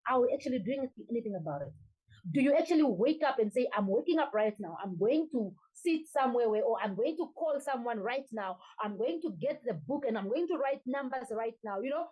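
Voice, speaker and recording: A woman's voice: high-pitched, darkish tone, rough recording. A woman coach giving a motivational talk to her sales team, urging them with repeated calls to act and focus. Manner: urgent, repetitive exhortation. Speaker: network marketing coach.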